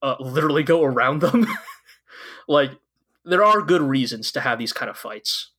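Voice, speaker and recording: Bright-voiced enthusiastic man, rambling. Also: medium pitch, expressive, normal speed, slightly rough. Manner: enthusiastic, rambling with many fillers. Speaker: podcast co-host. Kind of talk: casual anime recap chat.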